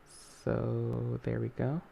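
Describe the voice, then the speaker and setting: Young male tutorial host, mellow tone, chatty and self-correcting, faint background noise. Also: medium pitch, completely flat delivery, very slow, creaky. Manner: rambling, self-correcting, many fillers. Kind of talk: casual screen-recorded tutorial.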